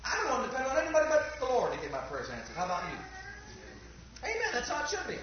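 A man's voice: very high-pitched, wildly swooping pitch, racing, slight background noise. A man preaching a fervent sermon, firing rhetorical questions at the congregation and calling for amens. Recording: echoey, dull lo-fi church recording.

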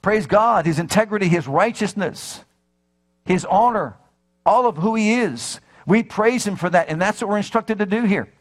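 A man's voice: high-pitched, animated, normal speed. A man preaching a sermon with fervor, repeating phrases and putting questions to his listeners. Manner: fervent, repeats phrases, asks the audience questions.

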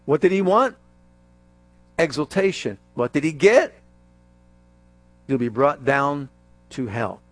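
Jokey preacher guy, voice jumps all over, kinda high, dry sound. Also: slow pace, long pauses, no echo. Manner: animated and jokey, acts out scenes. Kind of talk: sermon.

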